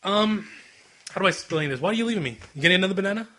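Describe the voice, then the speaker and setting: Fast, bright-voiced young man retelling anime. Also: high voice. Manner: animated, acts out scenes in quoted voices. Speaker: podcast co-host. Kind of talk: casual anime chat.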